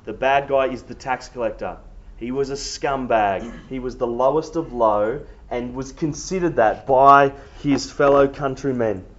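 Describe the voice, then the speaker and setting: A man's voice: mid-range voice, a little slow, fairly bright tone. A man preaching a sermon in an emphatic, conversational way. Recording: echoey, dull room recording.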